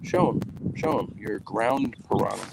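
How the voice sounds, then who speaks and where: A man's voice: lowish voice, moderate pace, creaky, very noisy. A man hosting a show, chatting casually and upbeat into a phone while walking his dog outdoors in the rain. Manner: rambling, upbeat. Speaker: show host. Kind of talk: casual vlog chat.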